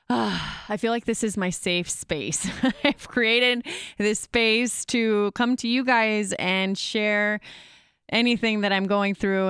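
Smooth-voiced woman podcast host. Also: mid-range voice, a bit bright, no room sound, clean studio sound. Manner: open, chatty storyteller with many fillers. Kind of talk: casual candid chat. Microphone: podcast microphone.

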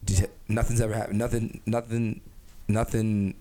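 A man's voice: lowish voice, little pitch movement, moderate pace, mellow. A young man hosting a casual podcast, brash and profane, rambling with lots of restarts and filler. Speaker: podcast host.

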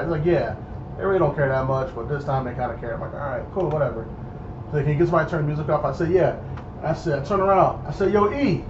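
A young man telling a casual story, animated and acting out the people in it. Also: on the high side. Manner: animated, acts out voices in his story. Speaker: storyteller guest. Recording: echoey dull room with noise.

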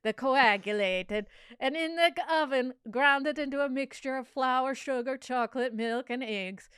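A grim older Italian soap-maker woman speaks in a broad, hammy mock-Italian accent, as a woman puts her on. The delivery is overdone and a little louder than an everyday voice, recited flatly from a memoir. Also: high voice, a little slow, smooth, no echo, studio quality, voice pushed up.

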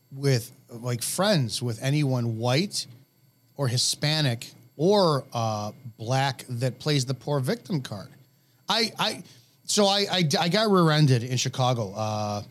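A man co-hosting a radio talk show, ranting bluntly and heatedly with plenty of profanity. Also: mid-range voice.

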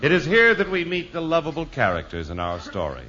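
A formal male announcer in 1950s radio style, with a bright, forceful voice that rises and falls expressively. Faint music sits under the dull old broadcast. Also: huge pitch swings, fairly quick. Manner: booming, formal.

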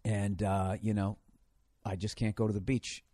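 A man's voice: on the low side, flat delivery, moderate pace, warm tone, dry recording. A man hosting a comedy show, ranting in a sarcastic, profane and rambling way. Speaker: comedian host.

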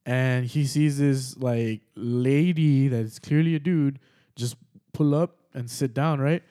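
Young man, podcast host, casual storytelling, mellow voice, easygoing, lots of fillers, swears often. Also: medium pitch, takes it slowly. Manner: relaxed, swears a lot, many fillers.

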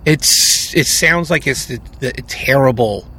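A man's voice: medium pitch, unhurried, pushed and bright, slightly rough. A young adult man co-hosting a podcast, chatting casually and often cutting in with asides. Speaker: podcast co-host. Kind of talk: casual chat.

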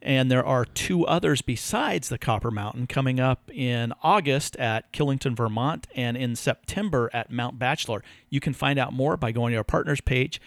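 A man's voice: mid-range voice, dry recording. Easygoing American man, dry studio mic. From United States. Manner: easygoing storyteller, frequent restarts. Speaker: podcast co-host. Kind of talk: casual chat and sponsor reads.

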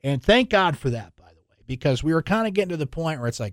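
A man hosting a sports talk radio show, opinionated and conversational with quick asides. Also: on the high side, sing-song, dry recording, clean studio sound. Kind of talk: casual sports talk commentary.

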